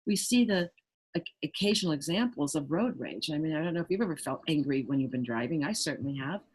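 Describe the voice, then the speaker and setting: Husky woman guest talking earnest and warm-paced, acts out little quotes, kinda low voice. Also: animated, fast talker, low-quality recording. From United States. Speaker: guest, trauma resilience trainer. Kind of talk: conversational interview explanation.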